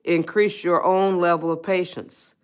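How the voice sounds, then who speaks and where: A woman's voice: on the low side, steady tone, measured pace, clear, resonant tone. A woman hosting a motivational live stream, coaxing and repeating herself as she talks straight to viewers in the chat. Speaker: host of a self-help live stream.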